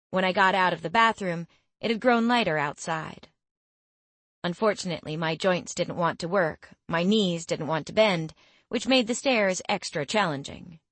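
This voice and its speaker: Young woman narrator, wry and expressive, lowish voice, dry booth sound. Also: no echo. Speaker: audiobook narrator. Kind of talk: first-person scripted narration.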